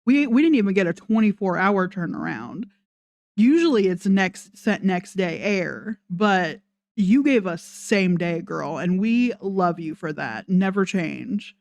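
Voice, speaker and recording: A woman's voice: fairly low pitch, lively intonation, unhurried, gravelly, a little mellow. A woman giving sarcastic reaction commentary, laughing between her points. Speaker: commentary host.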